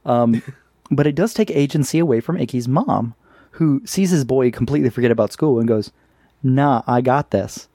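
A man co-hosting a podcast, chatting casually about a cartoon, animated and laughing as he acts out quotes. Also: mid-range voice, a little fast, breathy edge, dry recording, studio quality. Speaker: podcast co-host. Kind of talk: casual chat recapping a cartoon.

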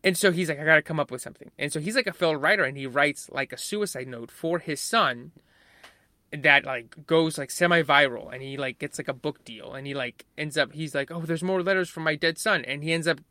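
Guy chatting, bright voice, kinda high, dry close sound, swears a lot and acts out scenes. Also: brisk, no room sound. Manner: animated, swearing, acts out characters. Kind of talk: casual chat about a film.

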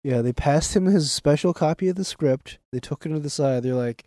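A man's voice: on the high side, normal speed, warm tone, no room sound, studio quality. A man co-hosting a podcast in casual chat, telling stories animatedly and acting out quotes with laughs. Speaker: podcast co-host.

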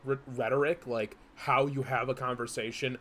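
A man's voice: medium pitch, fairly even intonation, moderate pace, bright, forceful tone, slight background noise. A man co-hosting a podcast in casual chat, explaining at length with many restarts and fillers. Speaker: podcast co-host.

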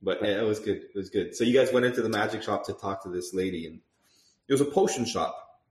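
Chatty low-voiced male game master. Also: quick pace, roomy sound. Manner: chatty, laughs often, restarts sentences. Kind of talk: casual podcast recap of a tabletop game.

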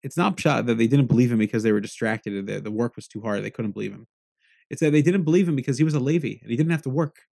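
Speaking quickly in a gravelly voice full of fry, a Torah teacher delivers an animated lecture, blending Hebrew phrases with plain English explanation. His pitch rests in the middle but jumps up sharply to drive home key points.

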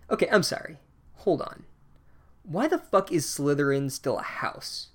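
A man rants through a book chapter in a sarcastic, profane comedic recap. His voice sits a little high, and he swears constantly as he mocks the story. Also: lively intonation, normal speed.

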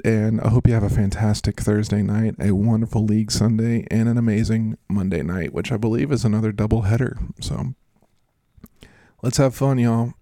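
A man's voice: on the low side, steady tone, moderate pace, dark tone, dry recording. A man hosting a fantasy football podcast in a jokey, rambling casual chat. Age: adult, works as a schoolteacher. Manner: jokey and rambling, with frequent laughs.

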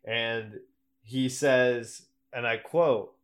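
A man co-hosting a sports podcast who takes his time with each topic, drawling slowly in a slightly low voice. He stays lightly amused as he asks for his partner's thoughts. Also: lively intonation. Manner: unhurried, lightly amused, sets up topics with questions. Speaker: podcast co-host. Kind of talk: casual sports chat.

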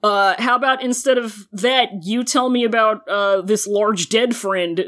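A woman's voice: mid-range voice, fairly even intonation, a little slow, a bit bright. A woman co-hosting a podcast, retelling a show in casual chat, laughing often and swearing freely. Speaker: podcast co-host.

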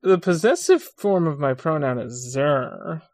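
Jokey co-host, deadpan banter, dry close sound. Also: mid-range voice, a little slow, no room sound. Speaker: podcast co-host. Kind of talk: casual podcast banter.

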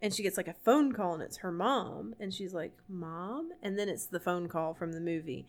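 A young woman co-hosting a podcast, rambling through an animated story full of fillers in casual chat. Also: lowish voice, fairly quick. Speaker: podcast co-host.

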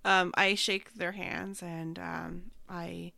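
A woman's voice: fairly low pitch, little pitch movement, slow pace, gravelly, sharp tone, no echo. A woman playing a tabletop game, teasing and a bit hesitant as she talks. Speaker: player.

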